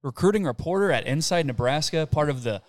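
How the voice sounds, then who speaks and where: A man's voice: fairly high pitch, lively intonation, a little fast. Playful male podcast host. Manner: playful, laughs often. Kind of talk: casual podcast chat. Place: brewery taproom. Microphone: headset.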